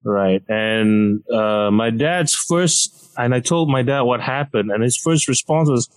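A man casually telling a funny story on a podcast, lively and acting out the people in it. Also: unhurried, poor audio. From Malaysia. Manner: animated, acts out quoted people with big pitch jumps.

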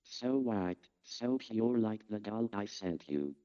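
An actor playing a creepy obsessive stalker who leaves an intimate, leering message heard over a phone line. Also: male voice, on the low side, expressive, takes it slowly, mellow. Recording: tinny answerphone message.

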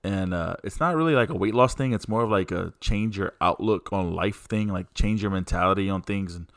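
A man's voice: low-pitched, brisk, no echo, clean studio sound. A man hosting a casual podcast, talking in an easygoing, rambling way with lots of fillers. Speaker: podcast host.

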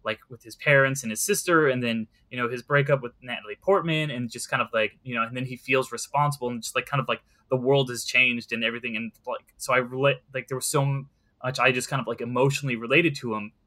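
A man's voice: medium pitch, fairly even intonation, fast talker, pushed and bright. A young man in casual conversation about movies, rambling and earnest, with many fillers.

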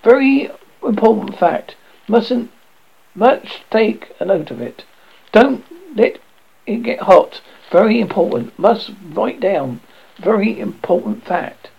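A man's voice: high voice, animated, slow pace, creaky, breathy edge, pitched above the performer's own voice, full character voice. A man reading aloud, voicing a dazed male alchemist who mutters in broken, repeated fragments. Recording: dull lo-fi recording.

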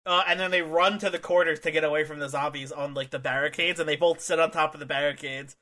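A man with a high, bright voice talks loosely in a casual chat. He stumbles over restarts and slips into acted-out quotes between laughs. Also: fairly even intonation, quick pace. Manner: rambling, restarts, acts out quotes in a higher voice. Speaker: podcast co-host.

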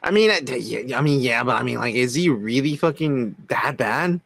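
A man from Mexico in laid-back, profane casual podcast chat, quick to laugh. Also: mid-range voice, animated, gravelly, fairly bright tone, dry recording, clean studio sound. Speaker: podcast co-host.

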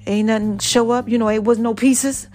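A woman hosting a podcast, telling a personal story in an expressive, conversational way and talking straight to her listeners. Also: on the high side, normal speed, faint music behind. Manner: expressive, conversational, addresses listeners directly as y'all and baby. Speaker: podcast host.

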